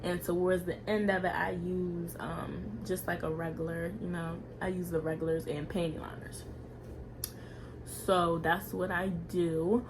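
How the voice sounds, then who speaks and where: A young woman chats into her camera at home in a loose, rambling vlog style, leaning on "like" and "y'all". Her voice sits fairly low. A faint hiss runs under the recording. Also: flat delivery, measured pace. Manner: chatty, frequent "like" and "y'all" fillers. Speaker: vlogger. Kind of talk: casual vlog chat.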